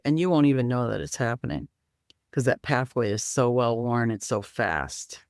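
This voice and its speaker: A woman's voice: a bass voice, normal speed, no room sound, clean studio sound. A woman guest in an interview, explaining healing practices and teaching simple exercises step by step. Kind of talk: interview conversation.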